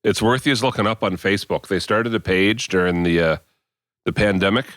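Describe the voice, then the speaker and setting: A man's voice: on the low side, fairly quick, a bit bright, dry recording. A man co-hosting a podcast in casual chat, telling stories with an exasperated, ranting edge. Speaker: podcast co-host.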